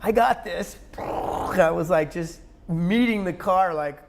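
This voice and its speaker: A man's voice: high-pitched, gravelly, slight background noise. A man being interviewed as a guest, retelling a personal experience intensely in conversation. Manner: intense, rushing retelling with sudden loud outbursts.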